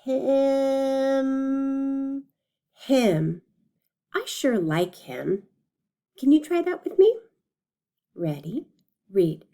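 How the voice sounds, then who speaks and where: A woman teacher leading a phonics lesson for young children, slowly modeling and stretching words and encouraging them. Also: medium pitch, very animated, mellow, breathy edge.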